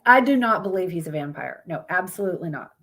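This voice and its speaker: A woman with a fairly low, slightly bright voice talks fast and expressively while hosting a casual live stream. She greets viewers by name and reads topics aloud, stumbling at times and tossing in blunt asides.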